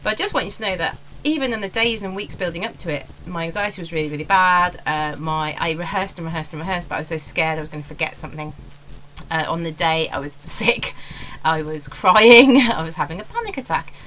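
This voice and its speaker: A woman's voice: lowish voice, a little fast, fairly bright tone, a little hiss or hum, rough recording. An English woman in her forties, a stand-up comedian, talking candidly and rambling in a casual vlog. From England. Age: 40s. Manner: candid, rambling, self-deprecating.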